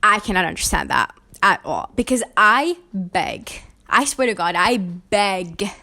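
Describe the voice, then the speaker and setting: A woman's voice: medium pitch, lively intonation, measured pace, gravelly, sharp tone. A young woman from an Arabic-speaking country, talking frankly in a casual opinion vlog with chatty, self-deprecating asides. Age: young adult. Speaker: vlogger.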